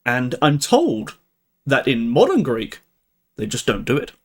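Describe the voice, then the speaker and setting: With a mid-range voice that swings hugely in pitch, a young man hosts a live stream and chats easily with his viewers. He takes his time, laughs often, and begins sentences again.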